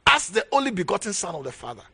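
A man preaching a sermon as bishop, emphatic, repeating key phrases and swinging from low murmurs to raised exhortation. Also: sing-song, fast, creaky, sharp tone, husky.

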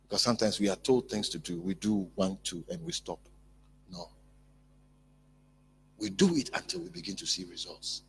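A male pastor preaching a sermon in an emphatic, repetitive way, building up to loud peaks. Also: sits low, moderate pace, long pauses, slight background noise.

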